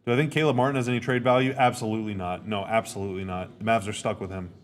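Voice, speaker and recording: A man's voice: lowish voice, steady tone, very fast. A man hosting a podcast, giving casual live reactions to a game, rambling, repeating himself and stating blunt opinions. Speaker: podcast host.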